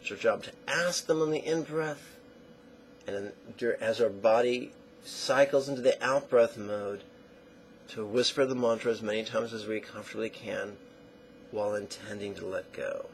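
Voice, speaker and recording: A man teaching a guided meditation lesson in slow, deliberate phrases that trail off into soft near-whispers. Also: lowish voice, a little hiss or hum, poor audio.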